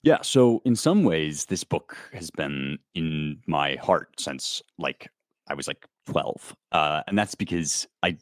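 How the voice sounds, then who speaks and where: Low voiced american guy in his 30s rambling excitedly, lots of ums, dry close sound. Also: slow, no room sound. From United States. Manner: animated, explains with many fillers and restarts. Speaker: guest author. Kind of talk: casual conversational interview.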